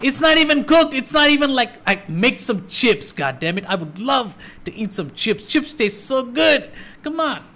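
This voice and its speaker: A man reacting to a cartoon on screen, excitable and cursing, talking back to the characters. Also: very high voice, moderate pace. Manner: excitable, swears a lot, talks back to the screen. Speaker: reaction video host. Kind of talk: casual reaction commentary. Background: cartoon audio and music playing.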